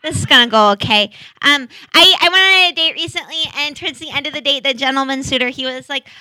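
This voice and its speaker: High, bright young woman doing stand-up. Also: no echo. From Seattle. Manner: self-deprecating, rambling, quick bursts of loud excitement. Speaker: stand-up comic. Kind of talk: stand-up comedy set.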